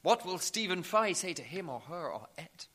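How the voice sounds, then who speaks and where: A man's voice: high-pitched, big pitch swings, husky, full character voice. A man doing a put-on Irish presenter. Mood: probing. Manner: loud, slow, deliberate questioning. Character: Irish male TV presenter, questioning.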